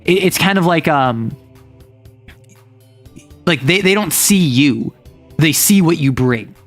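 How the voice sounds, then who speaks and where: Man, host, slightly high voice, rambling, filler-heavy, casual game-rules chat, faint music behind. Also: expressive, slow.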